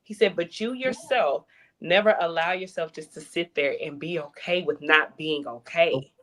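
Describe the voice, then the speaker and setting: A woman in casual conversation, telling stories with lively acted-out dialogue. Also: deep voice, normal speed, slight background noise. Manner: animated storyteller, acts out quoted dialogue. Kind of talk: casual chat.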